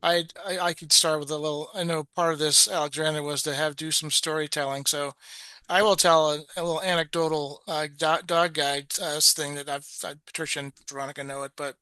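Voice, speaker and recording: A man's voice: a little high, steady tone, brisk, sharp tone, dry recording. A man presenting in a webinar, telling a story in a chatty way with many restarts and quoted voices.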